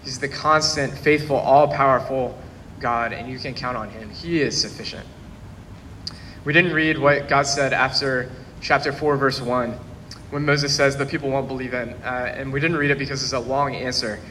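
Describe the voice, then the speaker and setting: A man preaching a sermon with a bright, forceful tone and an earnest, steady delivery. His voice rings out with a long reverb from a large church hall. A faint room ambience hums behind him. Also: mid-range voice, moderate pace, a little hiss or hum. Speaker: pastor.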